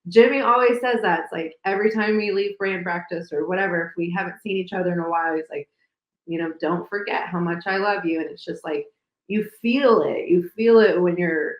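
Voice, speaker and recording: A woman's voice: fairly low pitch, a little fast, muffled recording. A woman co-hosting a podcast in casual chat, talking emotionally and gushingly with many fillers. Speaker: podcast co-host. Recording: roomy echo.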